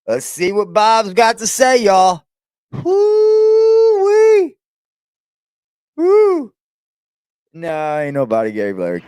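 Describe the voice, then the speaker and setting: A man hosting a reaction channel, talking casually and crudely with teasing asides and loud whoops. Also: a little high, lively intonation, normal speed, hardly any pauses, smooth, no room sound.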